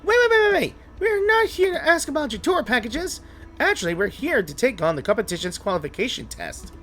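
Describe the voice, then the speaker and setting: A man voicing a small, excitable floating girl companion in a game, reading her lines with squeaky, shrill exclamations. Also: brisk, faint music behind, heavily acted. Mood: panicked.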